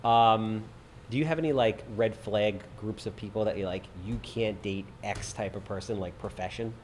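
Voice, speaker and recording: A man's voice: fairly low pitch, moderate pace, darkish tone, a little hiss or hum. A middle-aged man hosting a podcast, chatting casually with blunt, opinionated remarks and free swearing. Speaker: podcast host. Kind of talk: casual chat.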